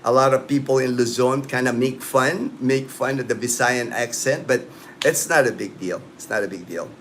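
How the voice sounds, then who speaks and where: A man's voice: mid-range voice, moderate pace, a bit bright, slight background noise. A man in his late fifties hosting a casual livestream, rambling loosely and answering viewers' comments. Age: late 50s. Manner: rambling, loose talk full of "you know" and "man". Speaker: livestream host. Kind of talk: casual live-stream chat with viewers. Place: at home in the Philippines.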